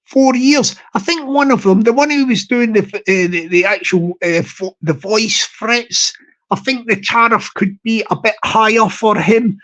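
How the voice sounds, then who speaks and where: Rambling man, halting and repetitive. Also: sits high, fairly bright tone, poor audio. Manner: halting, repetitive, many fillers and restarts. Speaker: live stream host. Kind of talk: rambling live stream talk.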